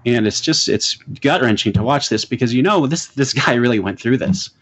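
This middle-aged man co-hosts a podcast, his mid-range voice expressive, a bit bright, and fairly quick. He talks about old movies in a relaxed, sincere way, laughing readily.

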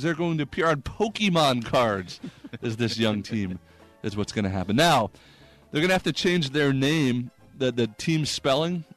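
A man hosting a comedy sports segment, delivering rapid jokes and laughing at his own punchlines. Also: medium pitch.

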